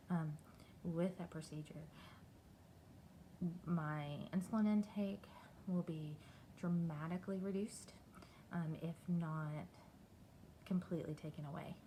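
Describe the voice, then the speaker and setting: A middle-aged woman from Texas, talking candidly and haltingly in a personal video diary. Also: low voice, warm tone, a little hiss or hum, poor audio. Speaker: vlogger.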